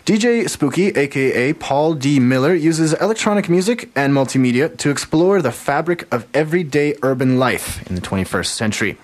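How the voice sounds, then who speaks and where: A man's voice: on the high side, expressive, a little fast, few pauses. A man hosting a radio arts show in a studio, talking casually with many fillers and laughing at his own slips. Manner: rambling with many fillers, self-mocking.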